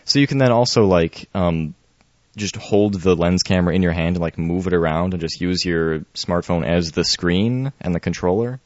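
A man's voice: low voice, normal speed, dry recording. A man in casual podcast chat, laid-back, explaining gadgets with jokes and mild swearing. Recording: dry, dull lo-fi sound.

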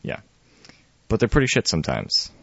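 A laid-back man explains gadgets in casual chat, tossing in jokes and the odd swear word. His voice is very deep. The sound is dry and muffled. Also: huge pitch swings, moderate pace, creaky, a bit bright, dry recording.

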